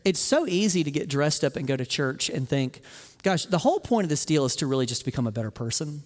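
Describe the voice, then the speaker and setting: A man preaching a sermon as pastor, moving from hushed storytelling to loud exclamations. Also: fairly high pitch, long reverb tail.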